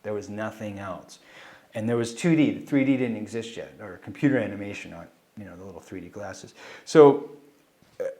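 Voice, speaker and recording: Middle-aged Californian man, casual interview storyteller, animated delivery that jumps into quoted voices. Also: lowish voice, moderate pace. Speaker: animator and film director interviewee.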